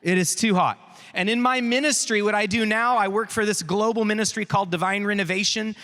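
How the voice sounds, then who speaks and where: A man with a Texan accent giving an energetic youth conference talk, drawing out words and calling out to the crowd. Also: sits high. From Texas. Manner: animated, draws out words for emphasis, calls out to the crowd. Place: large hall. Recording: long hall reverb from a big venue.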